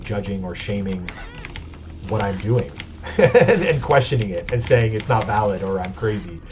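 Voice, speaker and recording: Low-voiced man rambling candidly over gameplay. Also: darkish tone. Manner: rambling and confessional, with frequent restarts and laughs. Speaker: let's play host. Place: home computer setup. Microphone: built-in webcam microphone. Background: keyboard clacking and faint game music.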